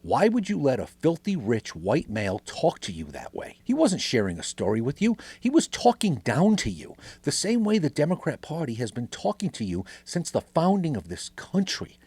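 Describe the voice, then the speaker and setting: Husky-voiced man in an angry rant. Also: on the high side, wildly swooping pitch, moderate pace, few pauses, a little mellow, no room sound. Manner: angry, sarcastic, swearing. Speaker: podcast host. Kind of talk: profane political rant.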